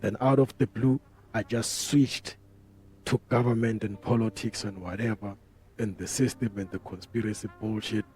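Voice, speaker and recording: A man's voice: mid-range voice, dark tone, husky. A man hosting a podcast, talking casually in a rambling, profane way full of street slang. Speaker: podcast host. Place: podcast studio.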